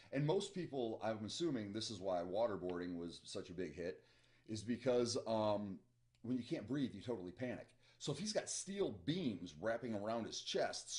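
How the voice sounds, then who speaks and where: A man's voice: on the low side, a little mellow. A man with a Midwestern accent who reads a novel aloud and reacts to it in a chatty, enthusiastic way. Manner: chatty, enthusiastic, self-interrupting. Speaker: book reaction host.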